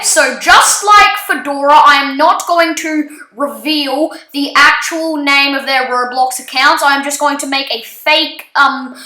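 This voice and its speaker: A woman with a high, bright voice tells a casual story about a game in a slow, halting way, full of ums and restarts. The voice rings around an echoey room. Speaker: gaming channel storyteller. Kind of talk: casual spoken story, recounting an online game.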